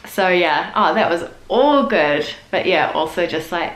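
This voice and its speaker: A woman's voice: on the low side, measured pace, hardly any pauses, roomy sound. A young adult woman with a New Zealand accent, explaining local sayings in a casual vlog and acting some of them out. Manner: chatty, acts out sayings in a lively put-on voice. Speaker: vlogger.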